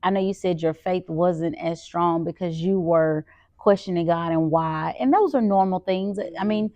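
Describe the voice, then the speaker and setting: A woman's voice: fairly low pitch, moderate pace, dark tone, no room sound, lo-fi sound. A woman hosting a podcast interview, affirming and supportive as she asks questions. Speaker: podcast host. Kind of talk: interview host.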